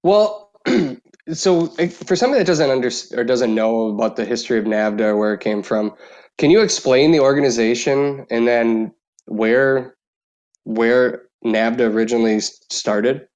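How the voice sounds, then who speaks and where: A man's voice: mid-range voice, moderate pace, a little mellow, dull audio. A man hosting a podcast, teasing his guest and asking casual questions. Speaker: podcast host.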